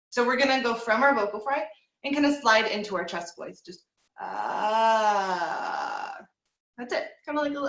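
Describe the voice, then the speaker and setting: A young woman teaching an online group voice class, speaking in a relaxed, encouraging way and demonstrating with hums and slides. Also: fairly high pitch. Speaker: vocal teacher. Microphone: video call. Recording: dull, echoey room sound.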